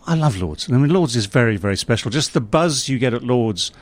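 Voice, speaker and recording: A former England cricket captain in his sixties reminisces during a casual outdoor radio interview, relaxed and using plenty of fillers. His mid-range voice runs a little fast.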